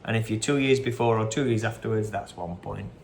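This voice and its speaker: Recorded on a phone, a man hosts a casual pub-style quiz, chatting away, reading each question twice and wandering into short anecdotes. His fairly low voice is gravelly and darkish, a little fast, with slight hiss or hum.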